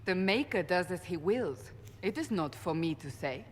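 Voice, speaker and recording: Brief: woman as resolute game warrior, measured, with faint noise and reverb behind her. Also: lowish voice, animated, natural voice. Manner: firm, formal, measured. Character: resolute female holy warrior. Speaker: church seeker, warrior. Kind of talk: video game voice acting.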